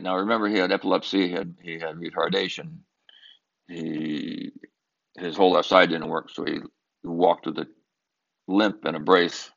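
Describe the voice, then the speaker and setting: A man's voice: deep voice, creaky, fairly bright tone, muffled recording. An older man from Southern California telling a personal family story in an earnest, emphatic way, sometimes repeating himself as he searches for words. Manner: earnest, emphatic, with halting repetitions.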